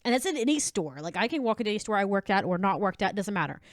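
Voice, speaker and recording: A woman's voice: medium pitch, big pitch swings, racing, dry recording, clean studio sound. A woman telling a work story in a casual, rambling way, laughing often and acting out the people she quotes. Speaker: channel host telling a retail story; former cashier.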